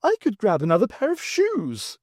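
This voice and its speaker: A man's voice: high-pitched, wildly swooping pitch, moderate pace, darkish tone, no room sound, studio quality, voice pushed up, full character voice. A man reading aloud and voicing a flustered, posh young Englishman who gushes in upper-class slang. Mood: excitable.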